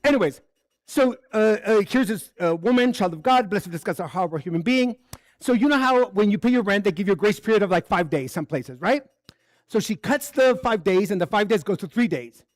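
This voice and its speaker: At a spiritual center service, a man preaches a frank, conversational sermon built around his own stories, performing the dialogue along the way. His high voice moves briskly with lively intonation, captured in studio quality without echo.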